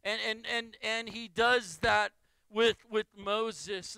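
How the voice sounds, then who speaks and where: A man's voice: high-pitched, steady tone, takes it slowly, pushed and bright, smooth, rough recording. A male pastor preaching a sermon with emphatic phrases that he repeats in building lists.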